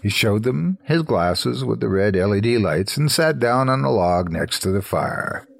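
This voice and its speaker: A man narrating a scripted horror story in a slow, low, hushed storytelling manner. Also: lively intonation, gravelly.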